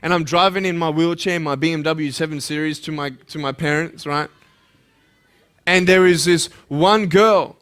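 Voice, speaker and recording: A man giving a motivational speech to students, passionate and swinging from loud urging to hushed intensity, acting out dialogue and asking the audience direct questions. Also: fairly high pitch, moderate pace. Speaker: motivational speaker at a school.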